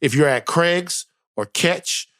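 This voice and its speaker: Animated male podcast co-host. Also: fairly high pitch, takes it slowly. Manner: animated storyteller, repeats phrases for emphasis. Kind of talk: casual chat, animated storytelling.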